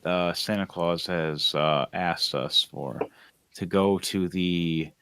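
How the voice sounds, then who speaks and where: A man's voice: sits low, steady tone, slow, a bit bright, clean tone, dry recording. A man narrating as game master of a tabletop game, rambling with lots of fillers and restarts.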